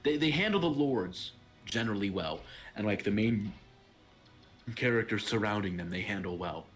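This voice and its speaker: A man's voice: on the low side, animated, moderate pace, faint music behind. A young man hosting a let's-play, chatting casually and rambling with lots of filler words. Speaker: gaming channel host.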